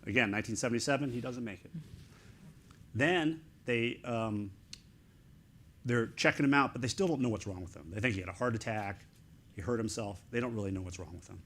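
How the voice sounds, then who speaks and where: Excitable middle-aged man telling a story. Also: medium pitch, slight background noise. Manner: excitable, animated, talks in quick fragments. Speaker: author and guest speaker. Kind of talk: storytelling in a live interview.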